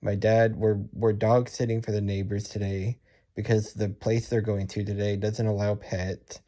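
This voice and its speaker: Worn down and frustrated, a young adult male vlogger vents in a monologue full of sighs, restarted sentences and repetition. His warm, lowish voice shows little pitch movement.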